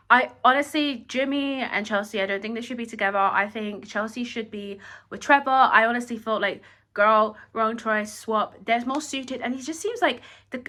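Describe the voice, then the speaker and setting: A woman giving a casual, animated opinion review of a reality show, acting out quotes from the cast and saying "like" often. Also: medium pitch. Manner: animated, acts out quotes, frequent "like".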